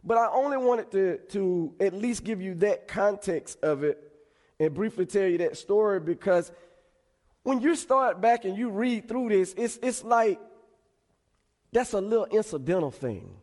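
A man's voice: high voice, expressive, unhurried, darkish tone, big-room sound. A man preaching a conversational sermon to his congregation, repeating words and adding asides as he goes. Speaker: pastor. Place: church sanctuary.

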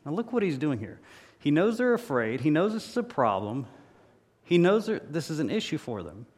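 A pastor delivering a sermon in a church, emphatic and repetitive, with humorous stories. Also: male voice, on the high side, big pitch swings, normal speed, darkish tone, breathy edge. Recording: reverberant hall.

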